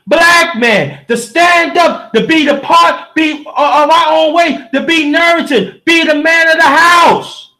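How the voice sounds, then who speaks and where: A man with a strikingly high, sharp and forceful voice delivers a fiery livestream rant. He preaches at his listeners, often breaking into shouts. He stops now and then to respond to his chat. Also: takes it slowly, few pauses. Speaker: livestream host reading chat.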